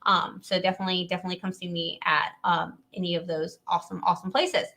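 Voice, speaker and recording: A woman's voice: fairly low pitch, little pitch movement, fast, gravelly, pushed and bright. A woman from Louisiana, hosting a casual live stream and chatting in a rambling way, laughing often.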